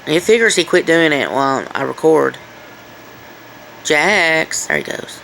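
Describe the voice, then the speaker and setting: Filming a casual home video indoors, a woman coaxes her pets in a singsong voice. Her deep voice swings widely in pitch, moves a little slowly, and has vocal fry with a fairly bright tone, in a rough recording with slight background noise.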